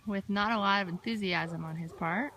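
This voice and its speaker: A woman dog trainer giving a steady, explanatory lesson outdoors in a field. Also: medium pitch, normal speed. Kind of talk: instructional narration. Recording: echoey, from far off.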